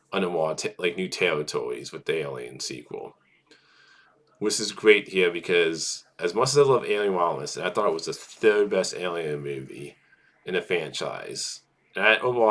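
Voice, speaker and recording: A man's voice: sits low, a bit bright. A man casually talking through film news as a vlogger, rambling with lots of filler words and restarts.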